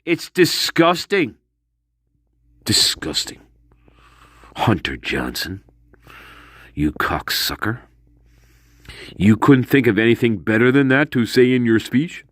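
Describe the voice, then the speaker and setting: Male commentator, slow-paced profane rant, sneering, dry close sound. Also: mid-range voice, sing-song, a bit bright, dry recording. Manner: profane, mocking, with scornful laughs. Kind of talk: angry ranting monologue.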